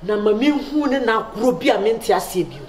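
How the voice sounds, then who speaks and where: A woman playing a mother scolding her daughter in a comedy sketch, animated and laughing between words. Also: medium pitch, brisk, a little hiss or hum, natural voice. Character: scolding mother, loud and sharp. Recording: echoey room.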